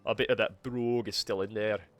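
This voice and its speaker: A man's voice: on the low side, fairly even intonation, brisk. A man live-streaming a game, chatting casually with himself and swearing freely as he plays. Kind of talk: casual gameplay commentary.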